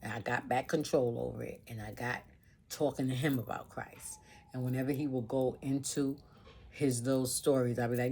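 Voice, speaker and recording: A woman's voice: extremely low pitch, fairly even intonation, moderate pace, warm tone, husky. A woman vlogger telling a personal story in an emotional monologue, earnest and informal, piling up repeated phrases.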